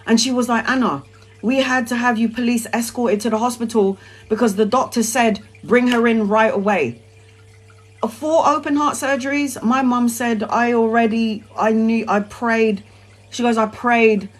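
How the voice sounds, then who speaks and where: A woman's voice: medium pitch, poor audio. A woman, talking on a live stream in an emphatic, rambling way that is peppered with swearing. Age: 40s. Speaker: tarot reader live streamer.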